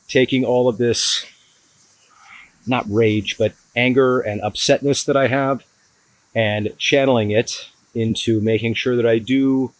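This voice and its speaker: A man vlogging his van build to the camera, frustrated and hard on himself, with halting restarts. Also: fairly low pitch, no echo, rough recording. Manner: frustrated, self-critical, talks in restarts. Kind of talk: casual DIY vlog talk to camera.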